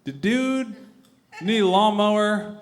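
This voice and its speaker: A man's voice: high voice, animated, slow pace. Hesitant eleven-year-old boy, mumbling and unsure, voiced by a man.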